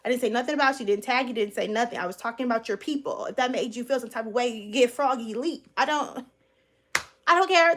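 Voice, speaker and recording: Woman creator, high voice, sarcastic storytime rant, cusses freely. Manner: blunt, sarcastic, profane, animated. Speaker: content creator. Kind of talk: casual storytime rant to camera.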